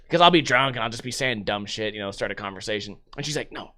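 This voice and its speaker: A man's voice: lowish voice, fast talker, pushed and bright. A young man hosting a livestream podcast, telling crude, rambling stories with heavy swearing in casual chat. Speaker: podcast host.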